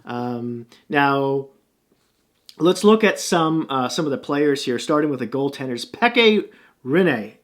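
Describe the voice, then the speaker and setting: A man's voice: mid-range voice, a little slow. A man giving casual sports commentary as a hockey vlogger, talking loosely with many fillers and restarts and reeling off stats. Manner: reels off stats and standings.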